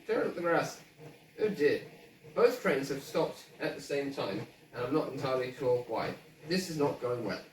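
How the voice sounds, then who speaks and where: A chatty man walks through his model railway layout in a casual show-and-tell, often pausing on ums. He sounds roomy and a little distant from the mic, with clear mechanical noise running behind him. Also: medium pitch, expressive. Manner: chatty and hesitant, with many ums.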